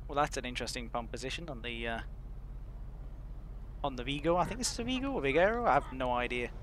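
A man's voice: mid-range voice, lively intonation, quick pace, fairly bright tone, slight background noise. Laughing, rambling man gaming. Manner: laughs often, rambling and self-deprecating. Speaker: roleplay streamer. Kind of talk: casual game roleplay chat.

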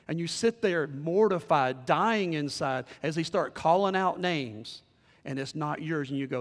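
A male pastor preaching with a fairly high voice. His delivery swings from quiet, intimate moments to loud, excited outbursts. A long reverb from the church hall trails behind every line. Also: normal speed. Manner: animated, swings from hushed to shouting. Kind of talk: sermon. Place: church sanctuary.

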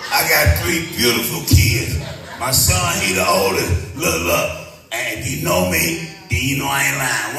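Middle-aged guy doing standup, yelling and cussing, gravelly voice, super echoey room, mic far off, music behind. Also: medium pitch. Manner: loud, profane, animated storytelling with shouting. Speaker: stand-up comedian. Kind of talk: stand-up comedy set.

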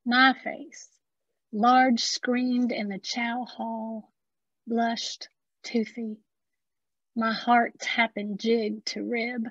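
A woman with an Appalachian accent performing spoken-word poetry, slow and deliberate with dramatic pauses. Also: a little high, little pitch movement, a bit bright, no room sound, dull audio. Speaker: poet.

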